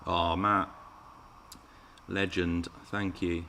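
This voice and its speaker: A man's voice: sits low, little pitch movement, extremely slow, bright, forceful tone, slight background noise. A man hosting a live Q&A stream, chatting with viewers and reading out their comments. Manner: chatty and playful, teasing viewers. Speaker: RC car channel host.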